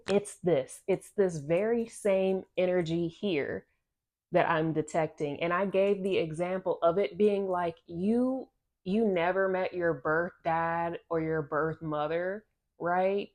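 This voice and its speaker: Lower-voiced woman, oracle card reader; rambling, repetitive, slangy delivery. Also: slow pace, mellow. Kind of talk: casual channeled card reading.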